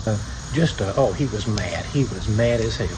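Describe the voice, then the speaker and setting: A man telling stories in an unhurried, folksy way by an outdoor fire, pausing often with "uh". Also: on the low side, noisy background. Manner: unhurried, folksy, lots of "uh" pauses. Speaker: video blogger. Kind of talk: relaxed storytelling by a campfire. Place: outdoors beside a fire at night.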